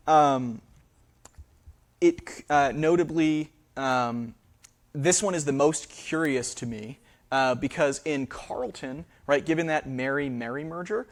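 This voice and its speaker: A man giving a public lecture in a theater, hesitant and full of fillers, often checking in with the audience. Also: on the high side. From New England. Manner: hesitant, many fillers, frequent "right?" checks.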